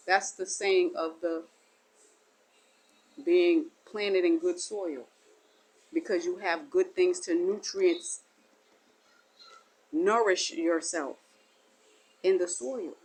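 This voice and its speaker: A woman's voice: on the low side, a little mellow, slightly rough, low-quality recording. A woman delivering a spiritual monologue as a teacher, in a meandering, repetitive and folksy way. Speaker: self-styled spiritual teacher.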